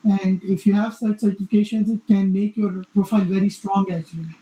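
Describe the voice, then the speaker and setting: A man on a video call giving casual advice as a cybersecurity panelist, halting, with many fillers and checking "okay?". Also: high voice, flat delivery, background noise. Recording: dull roomy video call audio.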